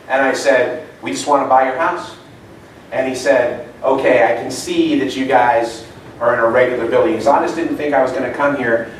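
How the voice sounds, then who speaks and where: The seminar speaker, a middle-aged man, talks to a meeting room audience with a voice on the high side and light background noise. Chatty and story-driven, he often turns questions to the room. The sound is echoey, with the mic placed far away.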